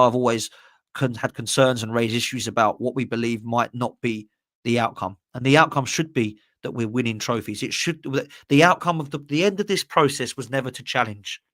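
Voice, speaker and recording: Man, slangy fan rant, mid pitch, dry room. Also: fairly bright tone, dry recording. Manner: passionate, ranting, slangy. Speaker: podcast host. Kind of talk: live-stream fan rant, reading super chats.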